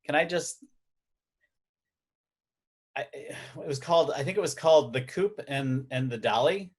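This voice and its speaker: A man's voice: medium pitch, animated, measured pace, breathy edge. A man hosting a casual podcast chat, telling rambling stories with jokes. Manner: rambling, joking storyteller. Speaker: podcast host and editor.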